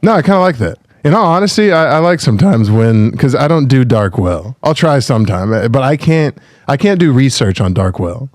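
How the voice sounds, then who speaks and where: A man's voice: medium pitch, animated, brisk, a little mellow, no room sound, clean studio sound. A man co-hosting a podcast with rambling, wisecracking, profane chat. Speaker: podcast co-host.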